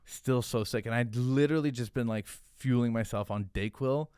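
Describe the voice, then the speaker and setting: A young man telling a story in casual podcast talk, animated and profane, with lots of fillers. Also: medium pitch, normal speed, smooth, no echo. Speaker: podcast guest, hot sauce founder.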